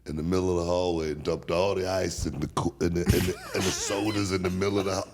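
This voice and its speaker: Deep-voiced animated man from Texas. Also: quick pace, slight background noise. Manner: animated, repeats words and restarts, laughs loudly. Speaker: guest. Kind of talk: casual storytelling.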